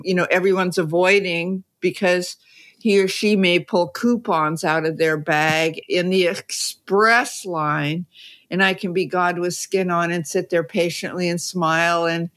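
A woman's voice: lowish voice, a bit bright. A woman guest on a conversational podcast, telling stories in a chatty way and laughing as she goes. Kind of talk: conversational storytelling.

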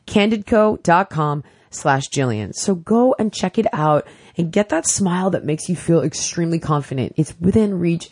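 A woman's voice: fairly low pitch, a little mellow. A woman host reading sponsor ads in a chatty, emphatic way, with casual asides. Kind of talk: casual ad read.

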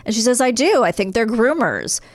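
A woman co-hosting a podcast in casual chat, talking fast and getting exasperated with plenty of swearing. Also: on the high side, no echo. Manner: animated, swearing, exasperated rants. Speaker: podcast co-host.

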